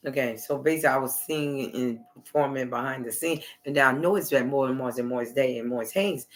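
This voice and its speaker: A man's voice: medium pitch, a little fast. Rambling man talking on a livestream. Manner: rambling, repetitive, trailing off mid-sentence. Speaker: livestream host.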